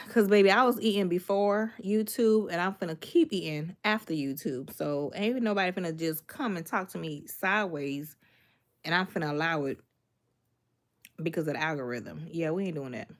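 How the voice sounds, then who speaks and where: She sits low in pitch and talks at normal speed. The young livestreaming cooking creator, from Miami, Florida, casually reads through comments and greets viewers by name, sassy and laid-back.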